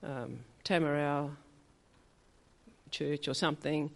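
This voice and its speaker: A woman's voice: sits low, steady tone, a little slow, creaky. Chatty older New churchwoman. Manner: chatty storytelling, acts out quoted dialogue. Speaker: church member giving a testimony. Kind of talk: spoken testimony at a church meeting.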